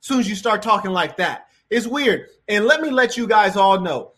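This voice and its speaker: A man's voice: high-pitched, lively intonation, moderate pace, a bit bright. A man giving reaction commentary in a preachy, moralizing way.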